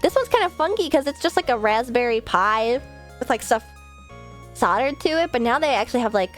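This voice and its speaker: High, animated woman streamer. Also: brisk, soft background music. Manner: animated, rambling, swears casually. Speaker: VTuber streamer. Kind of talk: casual live-stream chat. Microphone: desk mic set a bit far off.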